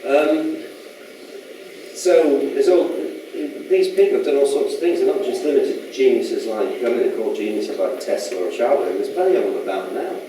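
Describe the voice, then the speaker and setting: A man's voice: medium pitch, moderate pace, dark tone. A man giving a casual public lecture in a chatty, rambling way, often asking the audience questions. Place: lecture room. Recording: echoey hall from far off with faint noise.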